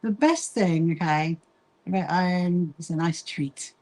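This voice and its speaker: A woman from the UK hosting a casual sewing livestream, chatting while she stitches, reading viewer comments aloud and often pausing with little asides. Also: on the low side, a little mellow. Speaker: livestream host.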